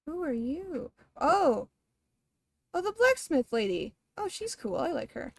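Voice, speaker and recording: A woman's voice: sits high, big pitch swings, unhurried, vocal fry, dry recording. A young woman streaming a game, chatting casually, rambling, laughing often and swearing offhandedly. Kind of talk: casual chat while gaming.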